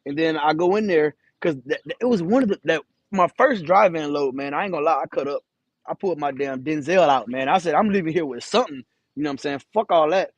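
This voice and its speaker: A truck driver tells a story straight to camera, blunt and swearing freely, and acts out what others said. His voice sits a little high for a man. The sound is dry, with no room echo. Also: quick pace, lo-fi sound. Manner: candid, profane, acts out quoted dialogue. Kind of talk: casual storytelling vlog.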